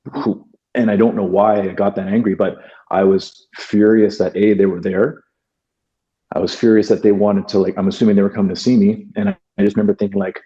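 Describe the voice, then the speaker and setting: Low, mellow-voiced man, halting and earnest. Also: lo-fi sound. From Canada. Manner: earnest, halting, many fillers and restarts. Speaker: podcast guest. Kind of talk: reflective interview talk.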